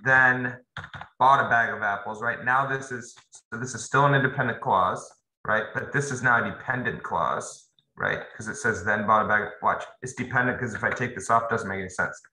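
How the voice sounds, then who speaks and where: A man's voice: mid-range voice, moderate pace, pushed and bright. A young man teaching a casual grammar lesson, loose and conversational, talking straight to his students. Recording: roomy echo, faint noise.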